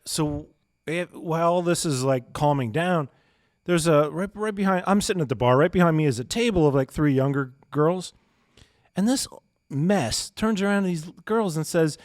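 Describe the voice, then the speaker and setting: A man's voice: on the high side, moderate pace, no echo, studio quality. A man co-hosting a podcast, telling a story in casual chat with many fillers and frequent laughs. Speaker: podcast co-host.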